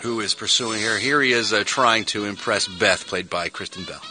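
A man's voice: fairly low pitch, moderate pace, bright, forceful tone, soft background music, rough recording. A middle-aged man reviewing movies on a radio show, sarcastic and exclamatory.

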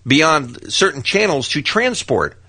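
Gravelly, husky man telling a radio story. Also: on the high side, very animated, slow pace, sharp tone, no echo. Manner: chatty storyteller, laughs often, restarts sentences. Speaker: radio show co-host. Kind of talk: morning radio chat.

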